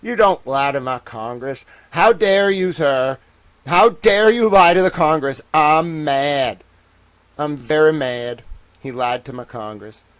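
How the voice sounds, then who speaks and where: A man's voice: fairly high pitch, sing-song, unhurried, fairly bright tone, dry recording. A man putting on the voice of an indignant 1930s male news reporter, blustering with theatrical outrage. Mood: outraged.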